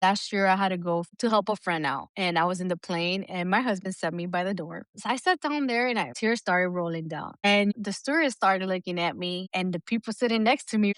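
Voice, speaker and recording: A woman's voice: mid-range voice, fairly quick, hardly any pauses, a bit bright, clear, resonant tone, dry recording. A middle-aged woman co-hosting a podcast in casual chat, talking bluntly with plenty of swearing and frequent laughter. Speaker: podcast co-host.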